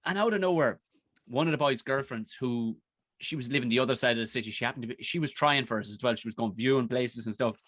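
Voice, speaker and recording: Irish male comedian, mid-pitched, bright forceful tone, rambling story told loose and casual, dry close sound. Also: quick pace, no echo. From Ireland. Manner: rambling, animated, swears freely. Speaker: podcast guest, comedian.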